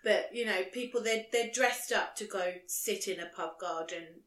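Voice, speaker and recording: A woman's voice: medium pitch, moderate pace, a bit bright. A young woman co-hosting a podcast, chatting casually and swearing now and then. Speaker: podcast co-host. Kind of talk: casual chat. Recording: echoey room.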